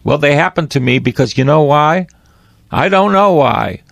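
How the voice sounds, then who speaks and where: A man's voice: a little high, lively intonation, moderate pace, creaky, no echo, clean studio sound. A man, a priest, preaching on a broadcast in a fervent, pleading way, repeating his phrases.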